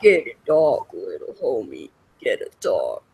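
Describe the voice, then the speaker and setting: A man's voice: lowish voice, huge pitch swings, measured pace, vocal fry, darkish tone, breathy edge, pitched below the performer's own voice, heavily acted, low-quality recording. A young man putting on a mock tough street-guy voice, sing-song and exaggerated. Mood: goofy.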